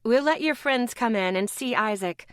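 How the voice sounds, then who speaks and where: A woman voicing a kind pregnant healer who talks in a gentle, teasing way, close to her own voice. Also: a little high, expressive, moderate pace, dry recording.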